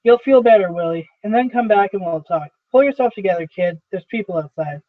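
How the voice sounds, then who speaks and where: A man reading the part of a brisk, impatient younger male boss who speaks curtly, in a dry, tinny recording. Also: high voice, expressive, no room sound. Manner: curt, dismissive. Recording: dry, tinny phone-like sound.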